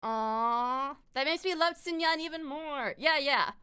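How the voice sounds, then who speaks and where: A woman's voice: sits high, measured pace, sharp tone. A woman streamer chatting casually on a streaming mic, laughing often and swearing freely. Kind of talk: casual chat. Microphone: streaming mic with compressor.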